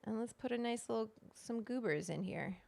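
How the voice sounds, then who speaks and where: Woman, livestream host, casual chat, gravelly, dry, greets viewers, swears. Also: a little high, normal speed, darkish tone, no room sound. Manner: chatty, swears freely, greets viewers by name.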